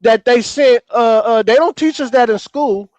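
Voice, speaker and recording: Fired-up high-voiced man on a panel. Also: normal speed, a little mellow, no echo, muffled recording. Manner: fired-up, profane, talks over others. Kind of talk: heated call-in panel debate. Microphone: remote call.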